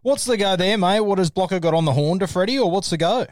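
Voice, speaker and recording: A man's voice: high voice, fast, dry recording, clean studio sound. A man hosting a casual interview, blokey in his speech.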